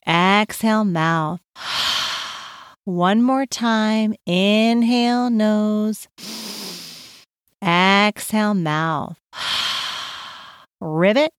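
Very slow soothing woman guiding children. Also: mid-range voice, clean tone, no room sound, studio quality. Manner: slow, soothing, sing-song chanting. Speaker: podcast host guiding parent and child. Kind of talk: guided calm-down exercise for kids.

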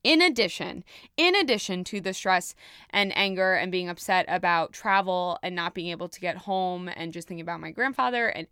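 Young woman host, smooth voice, dry close sound, frank and emotional storytelling with casual swearing. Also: mid-range voice, sharp tone, no echo. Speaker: podcast host. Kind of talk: candid personal storytelling.

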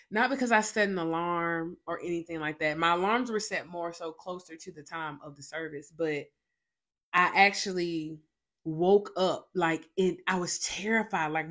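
A woman's voice: lowish voice, a bit bright. A young adult woman hosting a faith show, telling a personal testimony in an emphatic storytelling way, full of repeated fillers and restarts. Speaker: faith podcast host.

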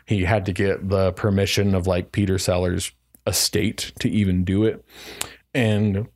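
Low-voiced man rambling about films. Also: level tone, unhurried, darkish tone. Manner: rambling, laughs while telling jokes. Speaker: podcast co-host. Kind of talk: casual chat.

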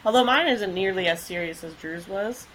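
Bright-voiced woman podcast host. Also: mid-range voice, moderate pace, a little hiss or hum, poor audio. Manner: chatty, laughs easily, relaxed storytelling with fillers. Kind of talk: casual chat, telling a case.

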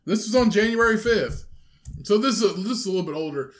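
A man's voice: high voice, expressive, fast talker. A man co-hosting a crude casual podcast, laughing often and reading a news story aloud. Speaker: podcast co-host.

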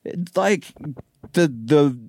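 A man's voice: on the high side, very slow, no room sound, studio quality. Profane man casually recapping a movie. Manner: profane, animated, acts out characters' lines. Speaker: podcast host.

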